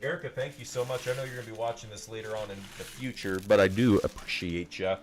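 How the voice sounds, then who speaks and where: A man's voice: lowish voice, fairly even intonation, fast. Upbeat man hosting a live card break. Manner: upbeat, repeats phrases, greets viewers by name. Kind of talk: live-stream pack opening chat.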